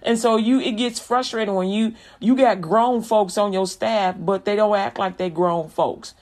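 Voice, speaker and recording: A woman's voice: mid-range voice, steady tone, normal speed, darkish tone. A woman minister preaching casually, folksy and direct, acting out examples and laughing often.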